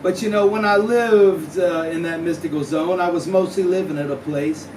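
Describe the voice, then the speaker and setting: A man's voice: high voice, steady tone, moderate pace. A man telling a hyperbolic, slang-heavy comic story at a live house show, with a drawling delivery. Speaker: musician telling a story on stage. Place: small house-show venue. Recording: echoey room, far mic, live music. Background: guitar.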